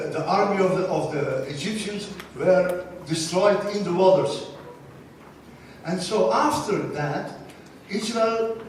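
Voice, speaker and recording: An older man giving an academic lecture in a large hall, telling a story haltingly, restarting words and repeating phrases for emphasis. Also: high-pitched, a little mellow. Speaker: plenary lecturer. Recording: echoey hall, mic far off, faint noise.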